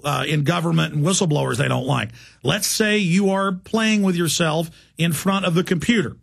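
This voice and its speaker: Gravelly, urgent man ranting on radio. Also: sits high, a bit bright. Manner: urgent, emphatic, with frequent restarts. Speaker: radio talk show host. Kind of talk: impassioned radio monologue.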